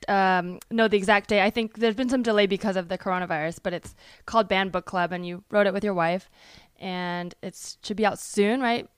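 A woman's voice: mid-range voice, a bit bright, clear, resonant tone, dry recording. Chatty rambling woman podcast host. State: losing her voice. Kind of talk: casual podcast chat. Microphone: studio microphone at a desk.

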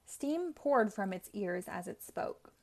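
A woman hosting a read-aloud show, narrating a children's chapter book in a clear, even way. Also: medium pitch, slow pace. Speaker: host.

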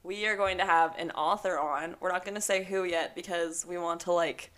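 A young woman co-hosting a book podcast in casual chat, bubbly and quick to laugh. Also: fairly low pitch, steady tone, a bit bright. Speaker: podcast co-host.

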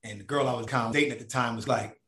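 A man's voice: mid-range voice, rapid-fire, roomy sound. A man telling a long personal story in casual, profane talk, acting out the voices of the people in it. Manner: animated, profane, acts out voices of others.

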